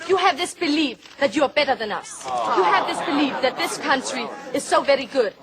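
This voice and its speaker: An actress playing a Soviet boxer's wife at a press conference, speaking in a cold, measured, accusing way. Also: female voice, high-pitched, expressive. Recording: film clip, loud crowd and noise.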